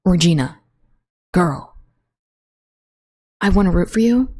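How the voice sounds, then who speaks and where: A woman's voice: on the low side, moderate pace, darkish tone. Rambling, foul-mouthed young woman podcaster. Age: young adult. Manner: rambling, profane and blunt. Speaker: podcast host. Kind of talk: casual solo podcast chat.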